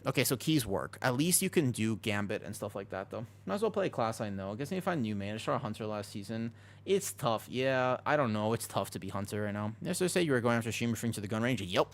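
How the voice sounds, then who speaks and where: A man casually chatting with his viewers while streaming a game, excitable and talkative. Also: fairly low pitch, fast. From United States. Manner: excitable, chatty, reacts to chat.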